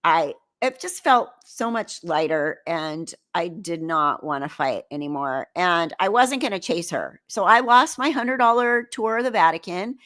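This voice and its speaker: A woman hosting her own live stream, telling a travel story in a chatty, animated way and acting out quotes. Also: lowish voice, measured pace, hardly any pauses. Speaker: channel host.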